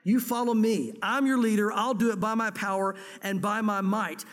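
Male pastor, high voice, lively storyteller, sermon recorded in a church hall with long reverb. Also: moderate pace. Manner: lively storytelling, dramatizing scripture dialogue.

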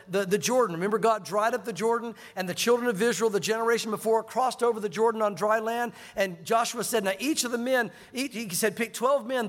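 High-voiced preacher in an echoing hall. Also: male voice. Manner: animated storytelling, acts out quoted voices. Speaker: pastor. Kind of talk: sermon.

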